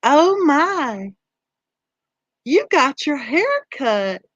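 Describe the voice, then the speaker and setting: A woman's voice: high-pitched, sing-song, dry recording, dull audio, voice pushed up, heavily acted. Woman putting on a sugary Southern drawl. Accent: put-on American Southern drawl. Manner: slow, drawn-out, sweetly insincere.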